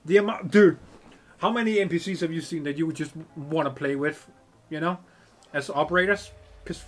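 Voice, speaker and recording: Hyped gamer dude reading a story game out loud, swears a lot, soft music behind. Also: male voice, on the high side, normal speed. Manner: excitable, swears a lot, laughs often. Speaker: gameplay commentator. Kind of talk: casual let's-play reading and commentary.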